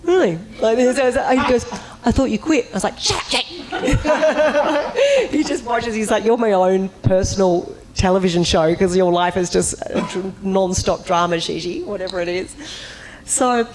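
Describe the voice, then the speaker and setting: A woman on a convention panel telling an animated anecdote, acting out voices and breaking into high, laughing squeals. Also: measured pace, hardly any pauses, low-quality recording.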